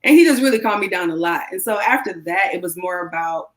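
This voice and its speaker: A woman's voice: lowish voice, fast, poor audio. A woman guest telling a personal story in a frank, chatty way, acting out the people she quotes. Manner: animated, acts out quoted voices; frank, chatty, self-deprecating. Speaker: interview guest. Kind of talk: casual storytelling.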